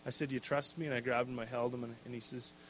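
A middle-aged man and pastor preaching a sermon, telling a personal story in an animated, casual way with many fillers. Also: mid-range voice, quick pace, a little hiss or hum.

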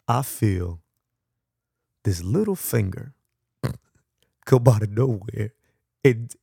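A man hosting a podcast, telling a personal story with animated, acted-out dialogue and frequent laughs. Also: medium pitch, gravelly, no room sound, clean studio sound. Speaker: podcast host.

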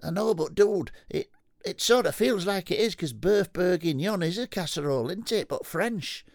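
A man's voice: high voice, lively intonation, normal speed, creaky, dry recording, studio quality, pitched above the performer's own voice. A man doing a comic impression of an easygoing male TV cook, drawling and calling everyone dude. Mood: matey. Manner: drawling, keeps agreeing, calls everyone dude. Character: easygoing bearded male TV cook, agreeable and sweary.

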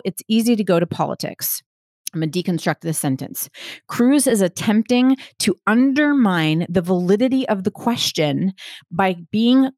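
Woman podcast host, lowish voice, dry close recording, methodical explainer who checks in with the listener. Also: darkish tone, no echo. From Texas, United States. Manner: explains step by step, checks in with "right?" and "okay?"; reads quotes aloud, then deconstructs them. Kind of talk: solo podcast commentary.

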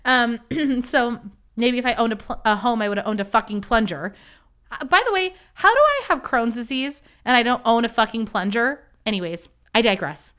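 A woman's voice: fairly high pitch, animated, moderate pace, sharp tone, clear, resonant tone. A woman hosting a podcast, telling a story in a rambling, profane, self-deprecating casual chat. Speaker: podcast host.

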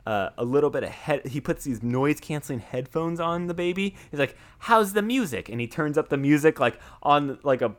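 Pitched on the high side, his voice moves a little fast with hardly any pauses. The speaker is a young American man casually hosting a chat and rambling through a film summary, peppered with "like" and restarts.

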